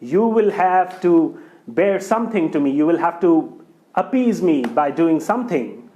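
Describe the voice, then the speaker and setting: A man's voice: a little high, animated, measured pace, mellow, muffled recording. A man voicing a cunning man who schemes and persuades in a folk tale. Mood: feigned fury. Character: cunning man plotting a trick.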